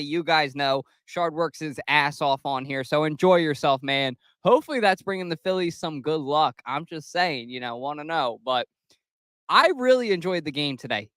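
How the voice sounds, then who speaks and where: Chatty young man, smooth dry voice. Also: fairly high pitch, a bit bright, no echo. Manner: loose, chatty, swears casually. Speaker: podcast host. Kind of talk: casual solo sports recap.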